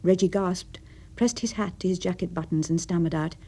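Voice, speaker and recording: Expressive English woman narrating a radio short story, low husky voice. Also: a little fast. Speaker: reader.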